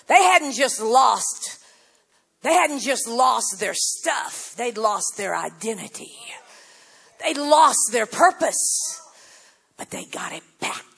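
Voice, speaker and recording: A woman preaching a sermon with passion, often rising to a shout. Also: high-pitched.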